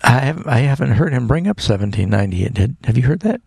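A man with a gravelly, husky voice answers callers' Bible questions on a radio call-in show, earnest and explanatory. His sound is dry and close, straight off a studio mic. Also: medium pitch, big pitch swings, fast, darkish tone, dry recording. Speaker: radio Bible program host and pastor. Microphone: studio microphone.

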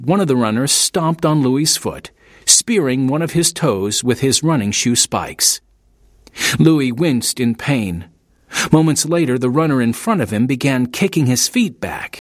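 A male narrator reading an audiobook with measured, expressive delivery. His pitch moves a lot, lifting and dropping to shape each sentence. The recording is close and dry, with no room sound. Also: husky, no room sound.

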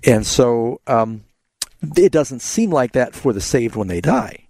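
A man's voice: mid-range voice, very animated, unhurried, gravelly, a little mellow, no echo. A man hosting a Bible call-in radio show, earnestly explaining scripture to callers.

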